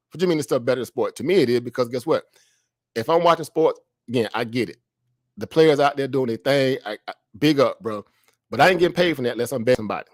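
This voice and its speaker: A man's voice: mid-range voice, dry recording, clean studio sound. A man hosting a casual stock trading live stream, talking conversationally and tagging many phrases with "right?". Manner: conversational, frequent "right?" tag questions, laughs between phrases.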